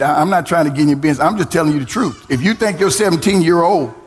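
Preaching man with a sung, shouting delivery. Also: a little high, fast talker. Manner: preaching with rising sung shouts, call and response. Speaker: pastor. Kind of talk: sermon. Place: church. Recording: church hall reverb.

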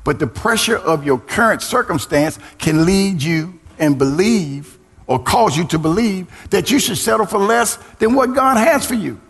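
A middle-aged man preaching a sermon as pastor, swinging into sung, shouted lines and calling on the congregation to respond. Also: sits high, expressive, moderate pace. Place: church. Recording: church hall reverb.

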